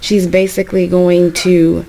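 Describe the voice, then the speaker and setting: A woman's voice: lowish voice, little pitch movement, measured pace, vocal fry, mellow, slight background noise, rough recording. A young woman casually narrating a life-sim game story, rambling with repeats.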